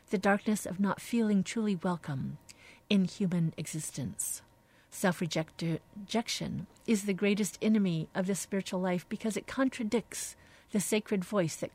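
Woman, radio host, slightly low voice, reading a devotional book aloud, slow, reflective, soft-spoken. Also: breathy edge.

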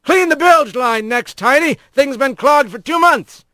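A man voicing a gruff male otter barge boss who hollers orders in a storybook reading. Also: very high-pitched, lively intonation, unhurried, sharp tone, dry recording, clean studio sound, pitched above the performer's own voice, exaggerated voice. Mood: approving. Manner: hollering commands.

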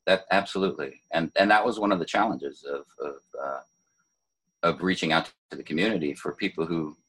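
An older man, a poet and former city poet laureate, discusses poetry in a deep, slightly husky voice. He speaks thoughtfully and without hurry, hesitating with many fillers, pauses, and restarts, in a relaxed conversational tone. The audio quality is poor.

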